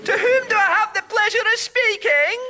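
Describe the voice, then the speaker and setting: A man playing an excitable Victorian male inventor in a comedy sketch, chirpy and eager. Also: very high-pitched, normal speed, full character voice. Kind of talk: comic sketch acting.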